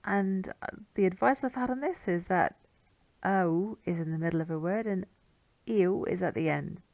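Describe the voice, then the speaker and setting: A woman teaching pronunciation, saying each sound slowly and repeating it with care. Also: on the low side, gravelly, darkish tone, dry recording. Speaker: language teacher. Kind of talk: pronunciation lesson.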